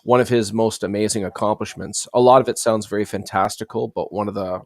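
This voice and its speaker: Interview guest, middle-aged man, lower register, dry recording, rambling and filler-heavy. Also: steady tone, a little fast, no echo. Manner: rambling, many fillers and restarts. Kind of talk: conversational interview answers.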